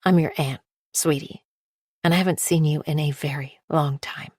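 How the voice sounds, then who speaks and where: A woman's voice: sits low, steady tone, moderate pace, a little mellow, husky, no echo, studio quality. A woman voicing an emotional, tearful middle-aged woman who calls people honey and sweetie, in an audiobook.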